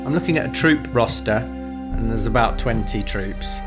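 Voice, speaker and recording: A man chats casually while running a tabletop game, joking at his own expense. Music plays clearly behind him. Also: mid-range voice, normal speed. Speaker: game master. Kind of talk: casual chat at a gaming table.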